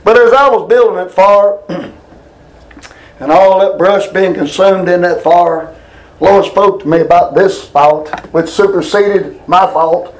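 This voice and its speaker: Preaching at a measured pace, a man with a voice high for his sex rambles through homespun stories in folksy sermon style, turning to listeners with asides. He's far from the mic and a little off it, in an echoing, roomy hall.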